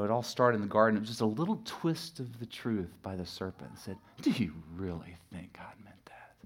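A middle-aged pastor preaching a sermon, telling a personal story with lively swings from loud acted shouts to hushed asides. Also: male voice, lowish voice. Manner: animated storytelling, acts out his own shouting and sudden hushed asides.

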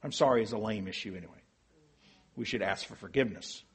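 A pastor giving an earnest sermon, teaching with rhetorical questions and frequent restarts. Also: male voice, lowish voice, fast talker, breathy edge.

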